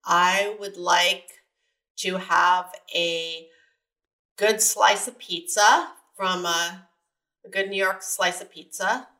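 A woman from San Diego, a guest on a podcast, lively and playful, thinking aloud as she answers. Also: on the low side, takes it slowly. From San Diego, USA. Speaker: guest, television executive. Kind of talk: casual interview chat.

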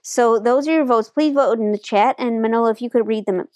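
A woman on a video call hosts a comedy game show in a deadpan, dry way, moving things along with short "uh-huh"s and laughs. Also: on the high side, a little fast, no echo. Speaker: host.

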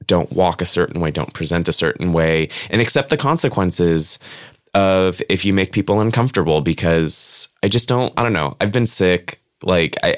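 A man's voice: low voice, clean tone, dry recording, studio quality. A man guest on an interview show, chatting candidly and casually with lots of filler words. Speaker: guest, comic book writer.

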